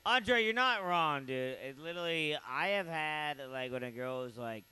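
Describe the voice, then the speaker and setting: A man hosting a comedy night, telling crude rambling stories and introducing the comics, jumping up in pitch for punchlines. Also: expressive, normal speed, pushed and bright, smooth, poor audio. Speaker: comedy show host. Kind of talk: stand-up hosting.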